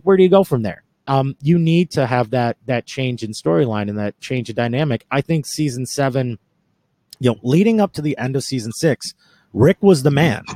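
A man's voice: medium pitch, dark tone, no room sound. Rambling man with a dry, close sound. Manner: rambling, restarting, profane. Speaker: podcast host. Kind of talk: casual chat.

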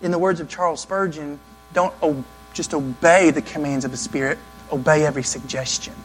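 Earnest man preaching, slightly high voice. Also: fairly even intonation, slight background noise, poor audio. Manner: earnest, conversational preaching with quick acted asides. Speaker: pastor. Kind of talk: sermon.

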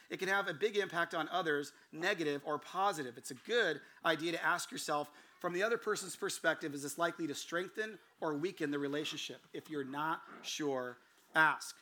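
A man preaching a sermon, mixing practical advice with lively stories, laughing and acting out quotes. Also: on the high side. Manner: animated storytelling with laughs and acted-out quotes. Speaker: pastor.

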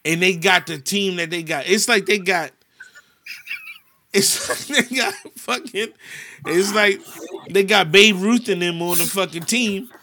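A man's voice: high voice, a little slow, slight background noise. A man from the United States, ranting in a casual chat on a podcast and cursing a lot. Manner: animated ranting, heavy cursing.

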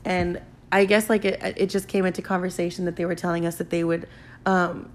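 A woman's voice: fairly low pitch, little pitch movement, fairly quick, slight background noise. A young woman hosting a podcast who tells a story in a chatty, casual way, swearing freely and using lots of "like" fillers. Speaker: podcast host.

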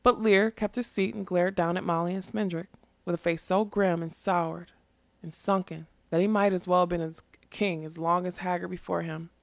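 A woman reads a fantasy novel aloud in an unhurried, lyrical way. Her voice sits on the low side with a gravelly, fry-touched texture, recorded close in a dry space. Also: steady tone, no room sound. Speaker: reader.

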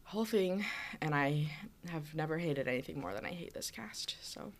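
A woman's voice: low voice, animated, normal speed. A woman in her twenties from the United States, a teacher, telling a rambling story in casual chat with lots of fillers. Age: 20s.

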